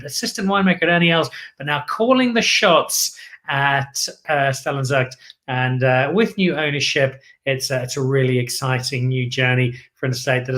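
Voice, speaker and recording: A man's voice: on the high side, fairly bright tone. Enthusiastic male wine show host. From Zimbabwe. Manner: enthusiastic, repeats words for emphasis. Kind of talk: live show wrap-up and sign-off.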